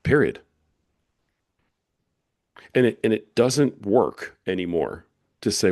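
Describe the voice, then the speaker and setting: A middle-aged man with a very low, deep voice hosts a solo podcast. He preaches in emphatic, punchy declarations. The sound is dry and close to the mic. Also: very animated, takes it slowly, pauses often, a little mellow, dry recording. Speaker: podcast host.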